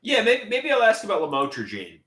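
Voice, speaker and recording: A stammering male livestreamer reads viewer comments during a live stream chat, halting, repetitive, and often restarting. His voice is high-pitched and a bit bright, with huge pitch swings, in an echoey room.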